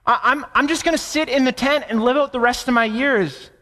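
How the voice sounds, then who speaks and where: A man's voice: very high-pitched, a little fast, bright, forceful tone, in a large hall, pitched above the performer's own voice. A man voicing a bitter, sarcastic ninety-year-old woman, scoffing and exasperated.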